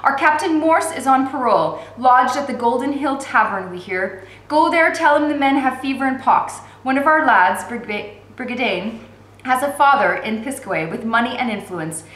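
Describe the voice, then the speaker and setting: A woman reading aloud, voicing a gruff, greedy male prison bully who speaks in a crude snarl. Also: sits high, animated, normal speed, a bit bright, roomy sound, voice pushed up, rough recording. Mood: scheming.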